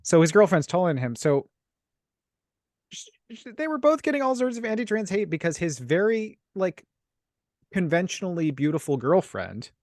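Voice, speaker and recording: A man's voice: sits high, very animated, moderate pace, dry recording, clean studio sound. A man co-hosting a podcast, talking in a casual, rambling way with frequent restarts and laughs. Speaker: podcast co-host. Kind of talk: casual chat.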